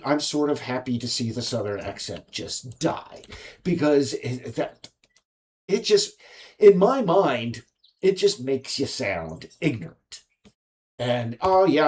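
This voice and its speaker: An indie game developer from the United States talks alone in a rambling monologue, halting often and filling gaps with fillers and restarts. His voice is medium-pitched and a little mellow.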